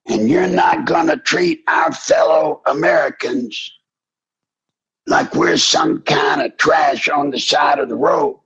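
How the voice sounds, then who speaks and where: Older man, talk radio host, gravelly, husky, slow, fiery and preachy, dull lo-fi audio. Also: a little high. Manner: fiery, preachy, rising to shouts. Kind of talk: impassioned call-in radio talk.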